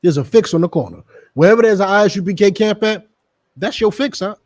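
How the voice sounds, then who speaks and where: A middle-aged man preaches a street sermon with a New Jersey accent. His voice sits high for a man, and he drives every point home by repeating it. He slips into mocking asides along the way. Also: expressive, fast, a little mellow. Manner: emphatic, repetitive, mocking asides in character.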